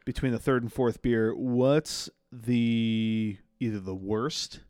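A man's voice: mid-range voice, level tone, takes it slowly, a little mellow, clean tone, no echo, studio quality. A man co-hosting a casual podcast, joking, swearing and laughing often as he talks. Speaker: podcast co-host. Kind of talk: casual chat.

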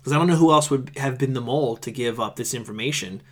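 A man's voice: medium pitch, fast talker. A man co-hosting a podcast, chatting casually and acting out quotes in put-on voices. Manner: animated, acts out lines in put-on voices. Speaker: podcast host. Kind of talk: casual chat.

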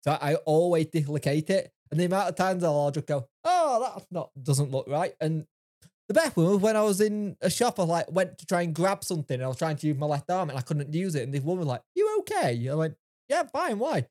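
A man's voice: on the high side, quick pace. A young man co-hosting a casual podcast, telling stories and acting out the people in them. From England. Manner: lively storyteller, acts out quotes. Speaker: podcast co-host. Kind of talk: casual chat.

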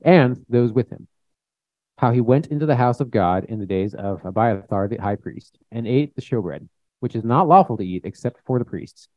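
A man's voice: medium pitch, dark tone, dry recording. A young man giving a plain-spoken, conversational sermon, reading scripture and acting out quotes. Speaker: preacher. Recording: dull, muffled recording.

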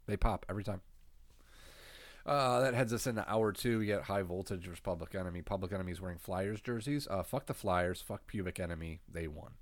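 A very low-pitched man in casual conversation, unhurried and cursing now and then. He sounds like he is getting over a cold. The recording is dry and close, with no room sound. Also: no echo. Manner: laid-back, swears freely, laughs often. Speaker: podcast co-host recapping wrestling. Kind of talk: casual chat.

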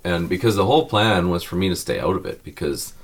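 A man's voice: sits low, a little fast. A man earnestly telling an emotional family story in an interview. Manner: earnest, animated, self-described emotional.

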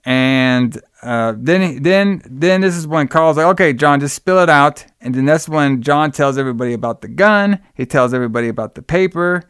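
This young co-host talks at normal speed with few pauses, his medium-pitched voice clean on a dry, clean studio recording. He goes through a film's plot in casual chat, rambling with frequent "like" and "you know."

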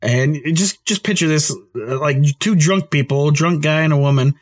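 A man's voice: fairly high pitch, normal speed. A man hosting a podcast, telling a story in a casual, rambling way and laughing often. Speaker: podcast host.

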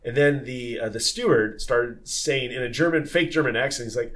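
A man in a relaxed podcast conversation tells old sailing stories with lively energy. He talks in a loose way, full of fillers, restarts and repeated words. His voice sits at an ordinary middle pitch. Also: quick pace, few pauses. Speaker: former tall ship sailor.

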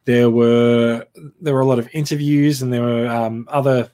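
A man's voice: medium pitch, fairly even intonation, normal speed, warm tone. A man co-hosting a podcast, explaining things at length in casual chat, often restarting his sentences. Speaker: podcast co-host.

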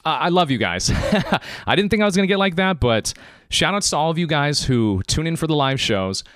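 A man hosts his podcast live, talking in a slightly high, very animated voice. He is emotional and choked up, and he drives his points home by repeating them. The sound is dry and close. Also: no echo. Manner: emphatic, emotional, repeats phrases for emphasis. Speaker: podcast host. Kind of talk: live-streamed podcast monologue.

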